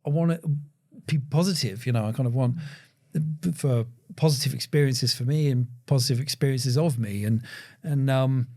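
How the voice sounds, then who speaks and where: A man, a podcast guest speaking reflectively, with many pauses, fillers and restarts. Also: medium pitch, darkish tone. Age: 40s. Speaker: podcast guest, agency founder. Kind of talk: reflective conversation.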